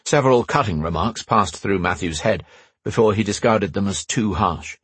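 A man's voice: fairly low pitch, normal speed, a bit bright, slightly rough, no echo. A man narrating a novel as an audiobook, telling the story expressively into a close mic. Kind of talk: scripted narration.

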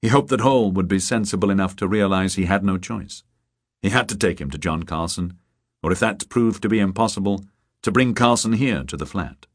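A man with a low voice narrates a thriller audiobook in a measured, even storytelling style. The scripted narration is recorded with a dry, close studio sound.

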